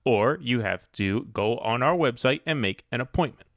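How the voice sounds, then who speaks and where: A curt male city clerk, as a podcast host puts him on, brushes off a caller in a flat, dismissive tone. The sound is dry and close. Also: medium pitch, moderate pace, no room sound.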